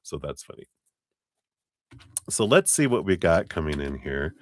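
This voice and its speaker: A man's voice: deep voice, expressive, unhurried, dry recording, studio quality. A man giving a live tarot reading, chatty and rambling, often breaking into laughter. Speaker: tarot reader.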